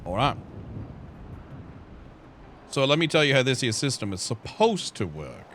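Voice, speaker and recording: A man's voice: medium pitch, fairly bright tone, a little hiss or hum. A man in a roleplay, questioning his client in a methodical way with legal jargon. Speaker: lawyer character in roleplay.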